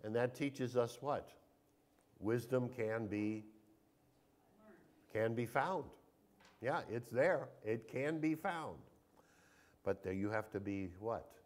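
A man's voice: mid-range voice, takes it slowly, pauses often. A man, a pastor, leading a Bible study, reading scripture aloud with emphasis and questioning the group.

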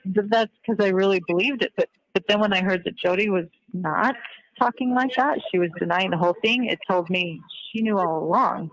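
A woman's voice: medium pitch, a little fast, poor audio. A woman on a recorded call, talking earnestly and reflectively, often trailing off as she searches for words. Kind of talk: reflective conversation.

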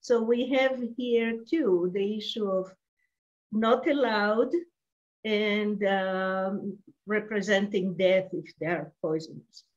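Older woman, rabbi, measured, explanatory, slow pace. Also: medium pitch, dull audio. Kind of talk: group discussion comment.

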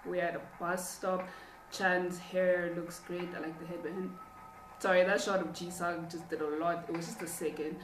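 A young woman hosting a reaction video, chatting casually in an excitable, rambling way as a fan. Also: lowish voice, normal speed, slight background noise. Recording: roomy echo, distant from the mic. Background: music video playing.

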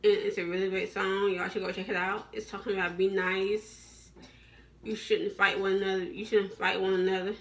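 A woman's voice: mid-range voice, distant mic. A woman vlogger giving a repetitive, preachy motivational talk to her viewers. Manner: repetitive, preachy, encouraging, restarts often.

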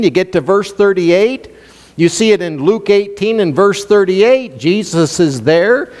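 A male pastor preaching a sermon with animated, sweeping delivery. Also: sits high. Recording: long reverb in a church hall.

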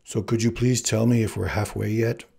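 A man voicing a meek, gentle giant who speaks softly and apologetically. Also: on the low side, fairly even intonation, gravelly, husky, full character voice. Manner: slow, soft, meek.

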